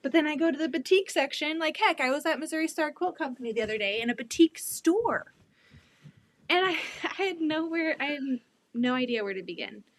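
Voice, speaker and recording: A woman chatting excitedly and a bit out of breath while showing quilts from her home sewing room, speaking into her laptop. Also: high voice, a little fast. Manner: chatty, excitable, laughs often. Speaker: quilting channel host. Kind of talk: casual livestream chat.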